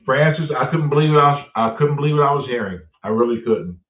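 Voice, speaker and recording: Animated and quick, with a medium-pitched voice, a man hosts a casual live stream where he swears through his stories and chats with viewers, reading out their names. The recording has roomy, distant, phone-like sound.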